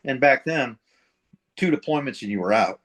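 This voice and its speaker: An older retired Marine from middle America tells war and service stories as an interview guest, blunt, profane and casual, acting out quoted dialogue. His medium-pitched voice is husky, a bit bright and animated, at a moderate pace.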